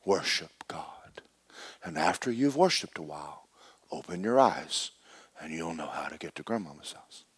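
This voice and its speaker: A preacher voicing a wise big male lion who gives calm instructions in a soft, hushed voice. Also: medium pitch, fast, hardly any pauses, smooth, voice pushed up, natural voice. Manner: soft, hushed, near whisper.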